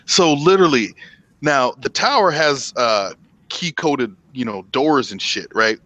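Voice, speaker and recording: A man's voice: mid-range voice, a little slow, dry recording. A middle-aged man telling a long profane story in casual chat, acting out the quotes. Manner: profane, animated, acts out quotes. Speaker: podcast host.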